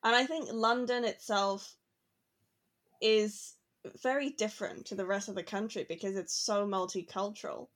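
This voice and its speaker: A woman's voice: medium pitch, fairly even intonation, normal speed, a bit bright. Chatty woman co-host from Hong Kong. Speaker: podcast co-host. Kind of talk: casual chat. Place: London.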